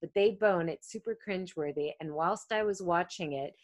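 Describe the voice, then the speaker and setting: A woman's voice: fairly low pitch, moderate pace, no room sound. A woman in her thirties co-hosting a podcast, chatting casually about a movie and acting out scenes. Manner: animated, acts out lines from scenes. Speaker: podcast co-host. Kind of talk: casual movie recap chat.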